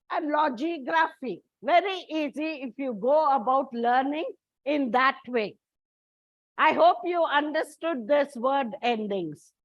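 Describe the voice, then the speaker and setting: Indian english woman teacher, high voice, slow and careful, dry muffled lo-fi sound. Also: a bit bright, no room sound. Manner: slow, deliberate, repeats and spells out words letter by letter. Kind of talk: slow spelled-out classroom lesson. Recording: dull, muffled lo-fi recording.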